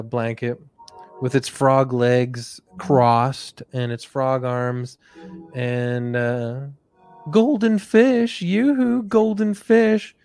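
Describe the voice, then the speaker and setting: A man hosting, telling an improvised comic story in a rambling, relaxed way with many fillers. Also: mid-range voice, clean tone, no room sound. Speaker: host.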